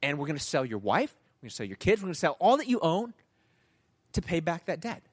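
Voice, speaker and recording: A man's voice: a little high, big pitch swings, fast talker. A man playing a stern parable king. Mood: matter-of-fact. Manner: questioning, then pronouncing judgment. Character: stern powerful male king.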